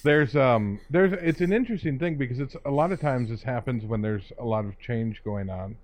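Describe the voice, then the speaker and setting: A man in a casual discussion, talking in a reflective, measured way and often restarting his phrases. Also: medium pitch, no echo. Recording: dull dry lo-fi sound.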